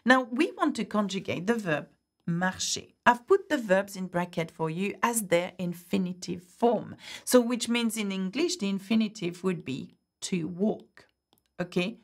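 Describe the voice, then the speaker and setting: Lively gravelly woman teaching French. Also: medium pitch, measured pace. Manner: patient, explaining step by step, checks in with "okay?". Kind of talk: online language lesson.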